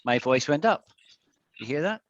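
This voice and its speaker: A man's voice: on the high side, lively intonation, moderate pace, no echo, lo-fi sound. A man teaching an online English lesson, patiently explaining with repeated examples.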